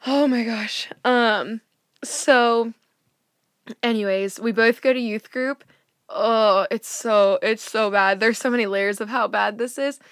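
A young woman co-hosting a podcast in casual chat, animated and quick to laugh. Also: on the high side, smooth, no room sound, clean studio sound. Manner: animated, laughs until crying, lots of "like". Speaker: podcast co-host.

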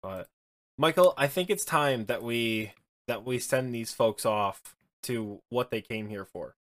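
A male podcast co-host chatting casually about a video game. He tells his stories with animated energy, laughing and dropping the odd swear word. His voice sits at a middle pitch. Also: a little slow.

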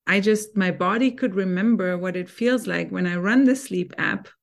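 An earnest woman speaking as a podcast guest. Her voice sits at a middling pitch, and she explains her points steadily, often pausing to check that she is understood. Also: creaky. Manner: earnest, keeps checking in with "right?". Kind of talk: conversational interview.

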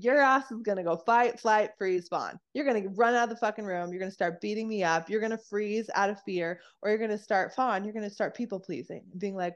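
Animated, cursing woman podcast guest. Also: mid-range voice, fairly quick, few pauses. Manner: animated, swears freely, acts out quoted voices. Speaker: podcast guest, nervous system coach. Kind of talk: casual explanatory chat.

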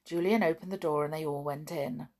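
A woman reading a children's storybook aloud in calm, even narration. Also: low voice, a little fast. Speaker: audiobook reader.

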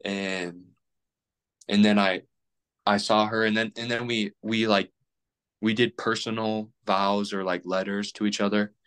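A man's voice: fairly low pitch, level tone, measured pace, fairly bright tone, clear, resonant tone. A young man in his twenties, a podcast guest rambling casually with plenty of fillers and restarts. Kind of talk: casual chat.

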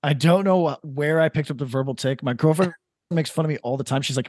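A man's voice: a little high, fast talker, darkish tone, no room sound, studio quality. A man co-hosting a podcast in casual chat, riffing loosely with blunt opinions and frequent swearing. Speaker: podcast co-host.

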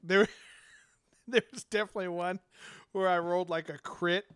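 Man, casual podcast chat, rambling, fillers and laughs, smooth clear voice, dry close sound. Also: high voice, fairly even intonation, moderate pace, a bit bright, no room sound. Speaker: podcast host and game master.

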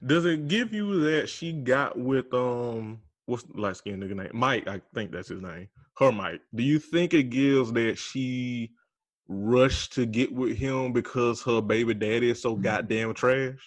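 Young man co-host, mid-pitched, loose and profane, casual gossip chat. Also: measured pace, no room sound. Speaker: podcast co-host. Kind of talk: casual reality-TV recap chat.

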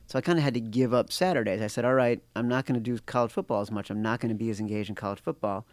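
A man's voice: mid-range voice, rapid-fire, darkish tone, dry recording. A middle-aged man co-hosting a podcast, chatting casually about sports betting, tired and yawning, cracking jokes. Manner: joking, sings improvised ditties. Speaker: podcast co-host.

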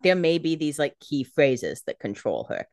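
A woman with a very low voice chats with a co-host, spinning theories about a show. Her pitch moves around widely. The recording is close and dry. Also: very animated, a little mellow, no room sound. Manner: chatty, speculative, quick asides. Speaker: podcast co-host.

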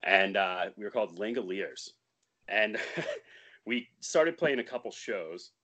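Young male podcast guest, very low voice, easygoing storyteller who laughs a lot and curses casually. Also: lively intonation, slow, fairly bright tone. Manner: laid-back, swearing, laughs often. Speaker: band member guest.

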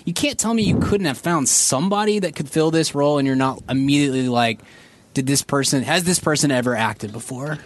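A man from Texas co-hosting a casual podcast, sarcastically complaining about TV shows in an animated way. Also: fairly high pitch, brisk, noisy background. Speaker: podcast co-host. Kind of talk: casual chat reviewing TV pilots.

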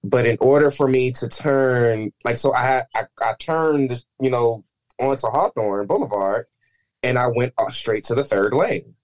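A man's voice: medium pitch, poor audio. Chatty podcast co-host, a man. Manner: chatty, quick interjections and backchannels. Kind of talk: casual chat.

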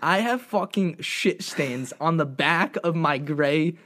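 Young man, casual storyteller, slightly high voice, lots of swearing, jumps to a high voice when quoting himself. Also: slow pace. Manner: animated, profane, jumps into high voices for quoted lines. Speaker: storyteller guest. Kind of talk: casual chat, telling a funny story.

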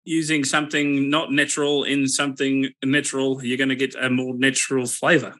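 A man doing a jokey Australian bloke, tossing out mock-serious advice in bright, forward tones. The put-on accent rides on an ordinary middle pitch, played for laughs in a relaxed chat. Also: fairly quick, close to an everyday voice. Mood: joking. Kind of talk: casual podcast banter.

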